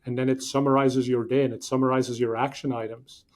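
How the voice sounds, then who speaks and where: A man's voice: mid-range voice, flat delivery, brisk, darkish tone. A man being interviewed as a podcast guest, explaining ideas eagerly in a loose, rambling way with many fillers and restarts. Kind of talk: conversational interview.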